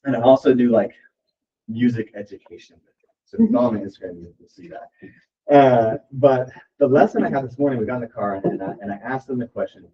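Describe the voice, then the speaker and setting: A man's voice: medium pitch, fast talker. A man leading a real estate team meeting, talking casually and rambling with lots of "like" as he encourages his team. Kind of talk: motivational talk at a team meeting. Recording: distant, dull lo-fi room recording.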